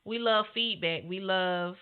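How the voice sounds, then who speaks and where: Female co-host, earnest and animated, mid-pitched voice, thin narrow audio. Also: measured pace, clean tone. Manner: earnest, animated, says "you know" often. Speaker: podcast co-host. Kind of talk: casual conversation. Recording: phone-like narrow sound.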